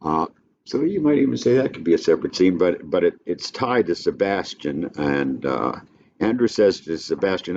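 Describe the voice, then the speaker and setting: An older man lecturing a class on a play in a folksy, halting way, with frequent restarts. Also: low-pitched, lively intonation, a little mellow. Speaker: literature teacher. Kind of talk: classroom lecture with read-aloud passages. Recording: dull lo-fi classroom recording with faint noise.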